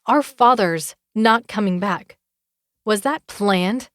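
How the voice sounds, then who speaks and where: A woman's voice: mid-range voice, slow pace, fairly bright tone, no echo, studio quality. A woman narrator voicing a fierce, angry young woman who accuses her rival and demands answers in an audiobook. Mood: accusing.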